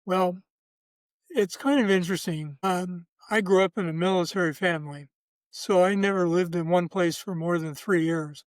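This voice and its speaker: A man in his seventies, a guest telling relaxed personal anecdotes in a measured way. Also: high-pitched, no room sound. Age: 70s. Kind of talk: casual storytelling.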